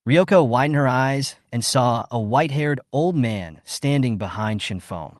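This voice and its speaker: A man reading a scripted story recap as narrator, in a brisk storytelling way. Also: mid-range voice, sing-song, dry recording, clean studio sound.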